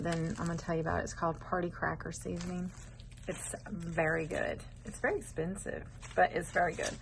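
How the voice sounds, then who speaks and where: Cooking vlogger, woman, middle-aged, lower voice, meandering chatty delivery. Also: slight background noise, poor audio. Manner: chatty, rambling, wanders off topic. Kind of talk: casual cooking chat. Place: home kitchen.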